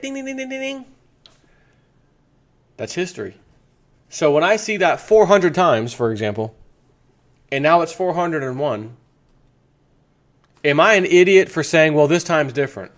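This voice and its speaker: Combative man ranting to camera. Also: mid-range voice. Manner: combative, fires rhetorical questions; mocking, slips into sarcastic quoted voices. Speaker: political commentary vlogger. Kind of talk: ranting opinion monologue.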